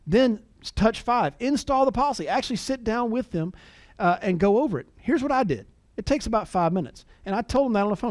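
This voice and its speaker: A man's voice: high voice, expressive, fast talker, darkish tone, no room sound. Folksy middle-aged man teaching sales. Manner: folksy, repeats words, acts out phone calls. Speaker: sales trainer. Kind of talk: conversational training talk with anecdotes.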